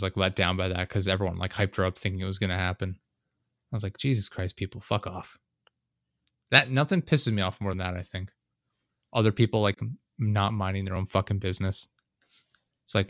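A man with a lowish voice tells a story in casual conversation, swearing freely as he vents. The sound is dry and close, with no room around it. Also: a bit bright, no echo. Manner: profane, ranting storyteller. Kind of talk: casual chat.

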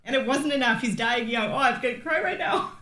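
Bright, emotional woman podcast co-host. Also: fairly high pitch, brisk. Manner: emotional and gushing, laughs often. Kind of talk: casual chat.

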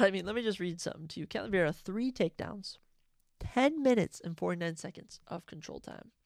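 A man's voice: on the high side, gravelly, no room sound, studio quality. A man hosting a podcast, giving a casual solo fight recap in a rambling, opinionated way and often correcting himself. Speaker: podcast host.

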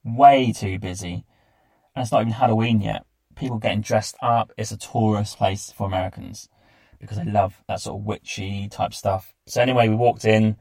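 A man's voice: fairly low pitch, fairly even intonation, normal speed, gravelly, a little mellow, dry recording. A man hosting a travel podcast, telling his trip in a chatty, enthusiastic way. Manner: chatty, enthusiastic recounting with lists. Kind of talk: casual travel diary narration.

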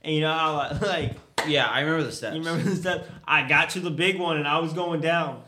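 A man's voice: on the high side, fast. Hesitant young man recalling a fall. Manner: hesitant, restarting. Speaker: podcast co-host. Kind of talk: casual chat. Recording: echoey room, background noise.

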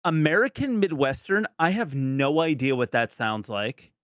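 A man's voice: a little high, big pitch swings, moderate pace, fairly bright tone, no room sound, studio quality. A man from New Jersey, a streamer guest on a podcast, chatting casually in a rambling, self-deprecating way.

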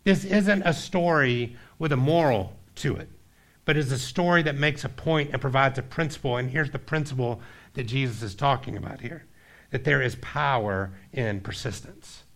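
A male pastor preaching a sermon, telling a story and acting out its characters, then dropping low and quiet to press his point. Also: normal speed. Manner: storytelling, acts out voices, drops low and quiet for emphasis.

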